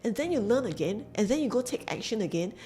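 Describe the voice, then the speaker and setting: A woman's voice: fairly high pitch, expressive, fast talker, dark tone, soft background music. Earnest Singaporean woman coach. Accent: Singaporean English. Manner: earnest, emphatic, repeats phrases for emphasis. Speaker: business coach. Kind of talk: motivational storytelling to camera.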